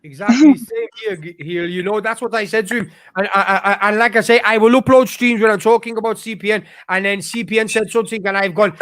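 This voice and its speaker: A man with a notably high voice rants his way through a casual stream chat. He swears freely and keeps stopping and restarting his sentences. The sound is close and dry, with no room in it. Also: fast talker, hardly any pauses, a bit bright, dry recording. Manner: rambling, profane, with frequent restarts. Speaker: streamer host.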